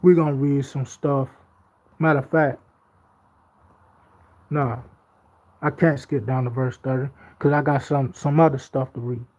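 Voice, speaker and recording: A man gives a casual Bible teaching at a middle pitch. He moves between reading scripture and emphatic, repetitive commentary in everyday speech. The audio is slightly dull and lo-fi. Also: level tone, measured pace, pauses often, darkish tone. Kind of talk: informal Bible study talk.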